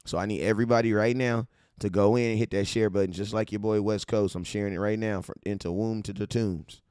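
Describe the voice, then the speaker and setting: A man from California hosting a casual fan-show livestream, hyped and slangy as he shouts out his viewers. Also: on the low side, steady tone, a little fast, smooth, dry recording, studio quality. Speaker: livestream host.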